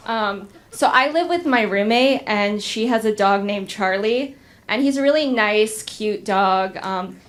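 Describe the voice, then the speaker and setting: A young adult woman performing a stand-up comedy set in a deadpan, hesitant way, with frequent ums. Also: mid-range voice, a little slow, slight background noise. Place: comedy club stage with audience.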